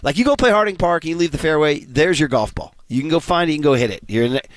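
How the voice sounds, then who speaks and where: A man's voice: on the high side, fast talker, no room sound. A man hosting a sports radio show, chatting casually and telling stories with frequent laughs. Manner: animated storyteller, laughs often, joke-telling.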